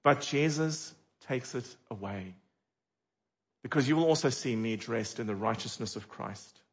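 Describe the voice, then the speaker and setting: A middle-aged man preaching a sermon as a pastor, animated and full of dramatic rhetorical questions. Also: mid-range voice, measured pace, dull audio.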